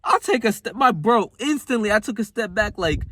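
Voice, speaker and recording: A man's voice: high voice, animated, brisk, hardly any pauses, sharp tone, husky, dry recording, clean studio sound. A young man talking straight to camera in a casual motivational monologue, rambling and emphatic, swearing often and calling the viewer bro. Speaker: self-improvement vlogger.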